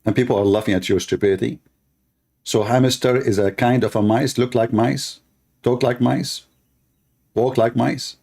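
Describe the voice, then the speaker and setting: A man's voice: mid-range voice, fairly even intonation, moderate pace, vocal fry, darkish tone, husky. A man hosting a show, giving sarcastic, teasing commentary in non-native English. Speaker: host. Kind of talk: mocking commentary on a clip.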